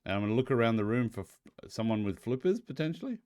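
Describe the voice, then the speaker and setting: A man's voice: mid-range voice, sing-song, fast, a little mellow. A man playing a tabletop game, speaking hesitantly with many fillers and restarts. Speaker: player.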